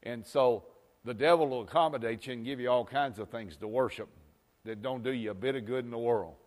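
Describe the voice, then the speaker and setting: A male pastor preaching a folksy sermon, swinging from loud exhortations to quiet asides. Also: medium pitch, brisk.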